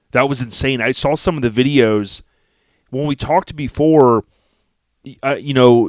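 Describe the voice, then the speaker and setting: A man's voice: medium pitch, no room sound, clean studio sound. Enthusiastic slangy male podcast host. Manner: enthusiastic, slangy, calls guest dude and man. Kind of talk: casual podcast conversation.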